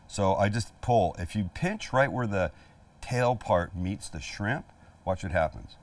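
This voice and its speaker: A middle-aged man with a deep voice hosts a casual cooking demonstration at a flat-top grill in an outdoor kitchen, chatting and joking as he walks the viewer through each step. His delivery is animated and unhurried, with no echo. He sits a little far from the mic, and food sizzles faintly on the grill behind him.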